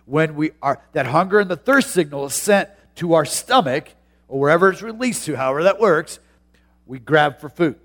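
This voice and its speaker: A pastor preaching a sermon, moving from a chatty, personal tone into loud, drawn-out emphasis. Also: male voice, fairly high pitch, lively intonation.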